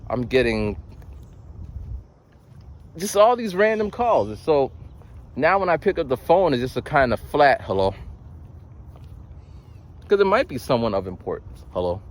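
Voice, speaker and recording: A man's voice: fairly high pitch, sing-song, unhurried, pauses often. A young man talking in a rambling, casual monologue, with many restarts and acted-out voices. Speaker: vlogger.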